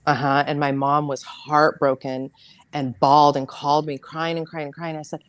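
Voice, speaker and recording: A woman with a low, deep voice shares a painful family story. She is a guest on an interview show, and her speech is halting and full of restarts. The recording is dry and close, with no room sound. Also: flat delivery, no echo. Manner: halting and emotional, with many fillers and restarts. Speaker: podcast guest.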